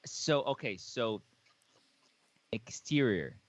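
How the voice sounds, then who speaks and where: A man's voice: medium pitch, very animated, slow pace. A man in a casual group chat, rambling through stories with plenty of hesitations. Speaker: cast member.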